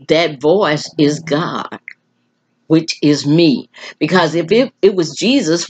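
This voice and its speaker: Slow, husky older woman musing aloud. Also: on the low side. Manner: slow, musing, with many restarts and filler words. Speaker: vlogger. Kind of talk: rambling casual monologue.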